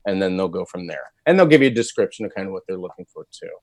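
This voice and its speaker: A man's voice: low voice, expressive, very fast, a little mellow, no echo. A man, a voice actor, chatting candidly and with self-deprecating humor as an interview guest. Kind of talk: casual interview chat.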